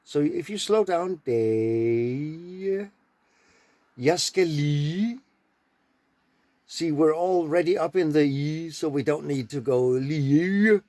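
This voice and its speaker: A man from Denmark, giving an informal language lesson and repeating words slowly to demonstrate them. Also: a little high, warm tone, dry recording. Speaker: language teacher.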